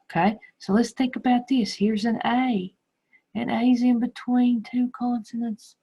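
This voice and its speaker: A middle-aged woman teacher explaining phonics to young children slowly and patiently. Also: on the high side, flat delivery, warm tone, husky, muffled recording. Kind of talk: recorded phonics lesson.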